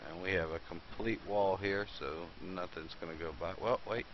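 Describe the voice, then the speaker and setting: A man hosting live esports commentary in a relaxed, easygoing way, often breaking into laughter. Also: low-pitched, normal speed. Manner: laid-back, laughs easily. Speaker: esports caster and host. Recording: dull lo-fi stream audio with faint hiss.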